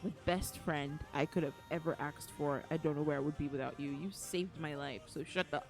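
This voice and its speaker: A woman livestreams her gameplay, speaking emotionally and repeating pleading lines, while game music plays underneath. Her voice is low and darkish, steady in tone, and brisk.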